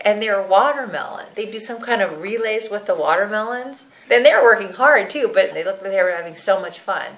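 Woman, casual animated reminiscence, mid-pitched voice, faint room hum. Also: moderate pace. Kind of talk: casual recollection.

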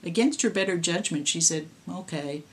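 Woman reading a horror story, lowish voice. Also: moderate pace. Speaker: author. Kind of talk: reading her own horror story aloud.

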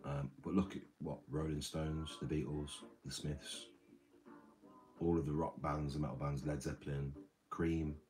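A man's voice: a bass voice, little pitch movement, a little slow, a little mellow, soft background music. A man hosting a livestream, rambling casually, reading chat and swearing freely.

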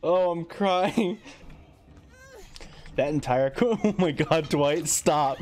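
A woman's voice: very deep voice, unhurried, mellow. A woman streamer giving live gameplay commentary, laughing often and swearing freely.

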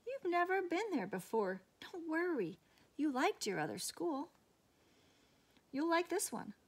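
A woman reading aloud as a coaxing, cheery father trying to get his child out of bed, in a bright sing-song tone. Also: high voice, big pitch swings, normal speed, voice pushed up, heavily acted. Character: cheery, coaxing adult dad.

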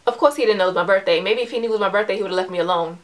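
Woman, 20s, from New York, casual chat, lots of likes and ums, animated storytelling, mid-pitched voice. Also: very fast. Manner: chatty, heavy use of "like" and "um"; animated storyteller, voice rises when retelling the confrontation. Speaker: vlogger.

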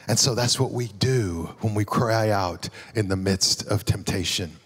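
A man's voice: fairly low pitch, unhurried, few pauses, husky. A man preaching a sermon as a guest pastor, telling stories in a conversational way and acting out the lines he quotes.

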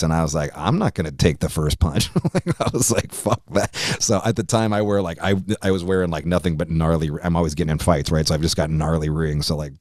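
A man's voice: deep voice, a little mellow, no room sound, studio quality. A man on a podcast telling a profane, rambling story, laughing as he goes. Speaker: podcast guest, musician. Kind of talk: casual storytelling anecdote.

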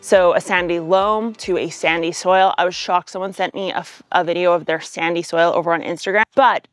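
A woman with a Canadian accent and a hoarse voice, explaining gardening in a casual, upbeat video with joking asides. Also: lowish voice, fairly even intonation, brisk, dry recording, studio quality. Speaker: gardening educator.

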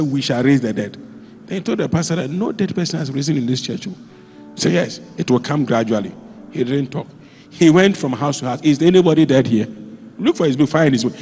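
Male pastor, animated storyteller, mid pitch, in a church hall with long reverb. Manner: animated storytelling, with sudden jumps in pitch and volume. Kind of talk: sermon.

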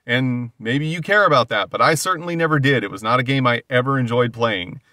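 A man's voice: mid-range voice, brisk, pushed and bright, no echo. A man hosting a casual solo comic book commentary, talking animatedly with frequent fillers and exasperated asides.

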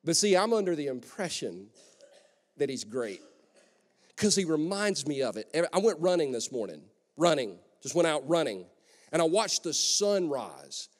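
A man preaching a lively sermon as pastor, conversational and joking, in a large church hall. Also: a little high, normal speed. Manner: energetic, conversational, joking asides. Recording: long echo of a church hall.

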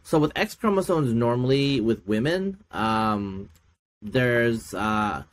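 A man's voice: slow pace, slight background noise. A middle-aged man, a podcast guest and geneticist, chatting casually and telling stories, with many fillers and laughs. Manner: animated storyteller, acts out quoted people with big pitch jumps. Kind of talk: casual chat.

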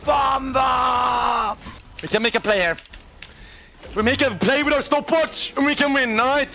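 A young man streaming a game live, excitable and sweary, often bursting into shouts. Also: very high-pitched, unhurried, creaky, a little hiss or hum. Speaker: gaming streamer.

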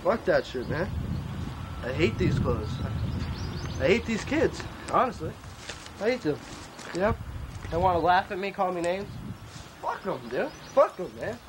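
A man's voice: high-pitched, sing-song, a little slow, long pauses, noisy background. A young man in a rambling, profane comedic monologue, griping and bragging by turns, full of bro slang. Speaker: clothing designer character. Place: outdoors at a tent camp.

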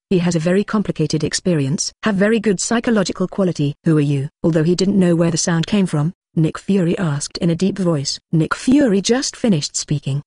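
Audiobook narration voice, flat machine read, husky edge, dry close sound. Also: medium pitch, no room sound. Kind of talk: scripted narration.

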